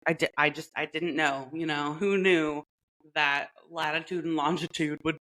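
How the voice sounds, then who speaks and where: A woman's voice: sits low, steady tone, normal speed, fairly bright tone, low-quality recording. A woman co-hosting a podcast in casual chat, playful and chatty, laughing often and leaning on "like". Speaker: podcast co-host.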